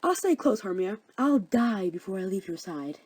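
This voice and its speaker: A woman's voice: mid-range voice, sing-song, moderate pace, darkish tone, slightly rough. A woman voicing Lysander, a brash, fickle young man who talks smugly. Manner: brash, smug.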